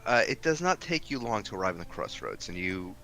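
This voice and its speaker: Low bright-voiced man as game master. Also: very animated, brisk, soft background music. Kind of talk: narrating a tabletop game.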